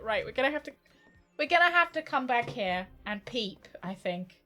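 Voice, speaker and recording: A woman's voice: fairly high pitch, sing-song, moderate pace, bright, forceful tone, faint music behind. Chatty British woman streaming a game. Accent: British English, somewhat posh. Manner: chatty, jokey, laughs often. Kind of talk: casual gameplay chat.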